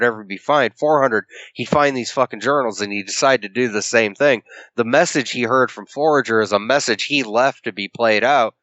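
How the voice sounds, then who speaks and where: A man's voice: mid-range voice, a bit bright, no room sound. A man co-hosting a podcast, retelling a comic book's story at length in casual chat and acting out the characters' lines, swearing freely. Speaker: podcast co-host. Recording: dull lo-fi podcast audio.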